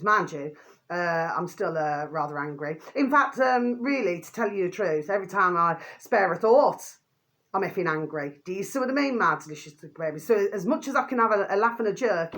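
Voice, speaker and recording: A woman's voice: lowish voice, fairly bright tone. A woman vlogging an angry rant to her viewers, swearing mildly and calling them by a pet phrase again and again. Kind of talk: ranting monologue to camera.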